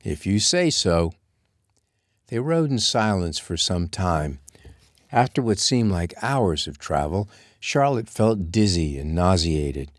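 A man reading a romance novel aloud as narrator, in a steady, measured way. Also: low-pitched, dry recording, clean studio sound. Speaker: audiobook narrator. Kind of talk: scripted narration.

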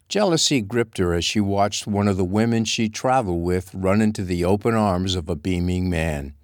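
A man reading a Western romance novel aloud as narrator, steady and measured, close to the mic. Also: lowish voice, no room sound. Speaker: audiobook narrator. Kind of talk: scripted narration.

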